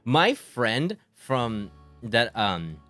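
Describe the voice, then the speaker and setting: A man's voice: mid-range voice, drawn-out words, faint music behind. A young man streaming live, chatting casually and telling stories about a friend, acting out voices in the quotes. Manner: animated storyteller, acts out quoted voices. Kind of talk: casual chat.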